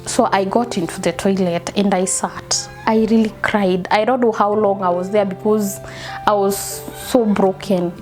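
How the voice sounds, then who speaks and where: A young woman with a Kenyan accent telling a personal story in halting speech, slipping into Swahili phrases and repeating herself. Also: medium pitch, fairly even intonation, a little mellow, faint music behind. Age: young adult. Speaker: interviewee. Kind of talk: personal testimony.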